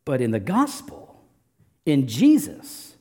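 A man preaching a sermon as pastor, swinging between loud emphatic bursts and soft low asides. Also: huge pitch swings, takes it slowly, big-room sound.

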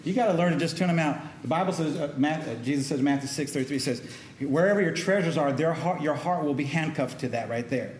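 A man's voice: on the high side, quick pace, slight background noise. A middle-aged man preaching a sermon as pastor, talking in a loose conversational way and calling out to the congregation for responses. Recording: echoey room with faint ambience.

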